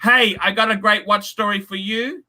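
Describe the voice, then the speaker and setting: A man's voice: high voice, steady tone, moderate pace, sharp tone. A man hosting a casual livestream, reading donations and ranting bluntly with lots of swearing. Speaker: livestream host.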